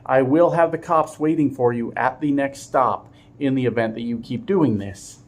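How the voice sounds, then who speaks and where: A man's voice: medium pitch, normal speed, lightly acted. A man voicing a stern middle-aged male bus driver who makes blustering, threatening announcements.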